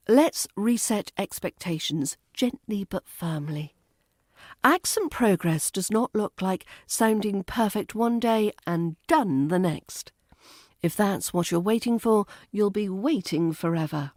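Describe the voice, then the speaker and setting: A woman with a British RP accent, giving a calm, measured, scripted podcast lesson as an accent coach. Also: medium pitch, no echo, clean studio sound.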